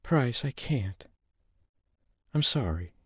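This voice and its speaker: A man's voice: mid-range voice, lively intonation, takes it slowly, husky, no echo, clean studio sound, pitched above the performer's own voice. A man voicing a young woman intern who speaks in a pained, reluctant way. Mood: apologetic.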